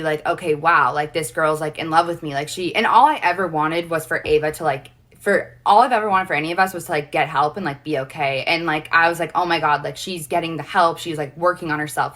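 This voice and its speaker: A woman's voice: low-pitched, sharp tone. A young woman livestreaming, telling an emotional personal story in a rambling way, saying "like" constantly. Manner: rambling, heavy use of "like".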